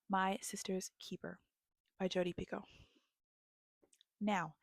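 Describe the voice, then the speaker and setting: Slow-talking young woman chatting about books. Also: medium pitch, dry recording, clean studio sound. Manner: animated storytelling, dropping into whispers at moments. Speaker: book vlogger. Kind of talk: casual book recommendations.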